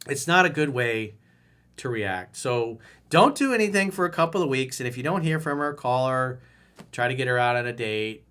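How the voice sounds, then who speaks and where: A middle-aged man coaching dating in a video advice monologue, blunt and animated, now and then mimicking loud, high-pitched outbursts. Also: moderate pace.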